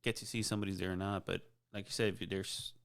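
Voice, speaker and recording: Fast-talking gravelly man. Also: deep voice, little pitch movement. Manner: quick, chiming in with short agreements and gym advice. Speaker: podcast guest. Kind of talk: casual chat.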